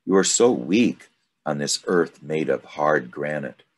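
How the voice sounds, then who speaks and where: A man reading aloud and voicing a mysterious desert snake who speaks slowly and cryptically, in riddles. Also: extremely low pitch, lively intonation, full character voice. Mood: ominous. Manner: slow, cryptic, ominous.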